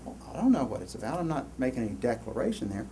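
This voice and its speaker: A man giving a university lecture, rambling and animated, with many restarts and asides to the class. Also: medium pitch, very fast, slight background noise. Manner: animated, rambling, lots of self-interruptions. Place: lecture hall.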